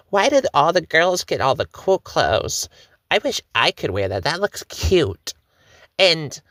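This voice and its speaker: Woman host, casual meme reaction, bright edge, dry close sound, playful and chatty. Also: fairly low pitch, no room sound. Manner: joking, chatty, puts on quick voices for quoted posts.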